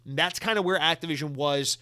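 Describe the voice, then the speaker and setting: A young man hosting a solo podcast, talking casually and jokily with swearing and quick asides. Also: on the high side, bright, forceful tone, clean tone. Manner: casual, profane, joking riffs with put-on voices. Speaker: podcast host.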